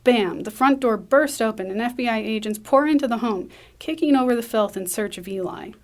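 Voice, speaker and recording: A woman reading a screenplay aloud, brisk, with small slips and restarts. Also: a little high. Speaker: script reader.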